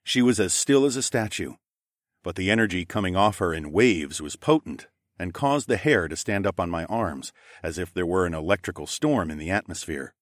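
Casting: a lively, low-pitched male narrator reading dramatic sci-fi fiction, dry close sound. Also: moderate pace, no echo. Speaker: audiobook narrator. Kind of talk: scripted first-person narration.

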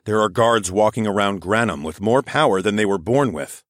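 Calm low-voiced male narrator. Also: normal speed, no room sound, studio quality. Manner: calm, steady reading. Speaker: audiobook narrator. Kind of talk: first-person story narration.

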